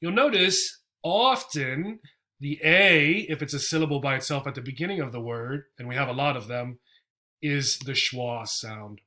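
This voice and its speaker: A man's voice: medium pitch, normal speed, bright, forceful tone. A man teaching English pronunciation to learners, modeling sounds and often checking in with "right?". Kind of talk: classroom pronunciation lesson.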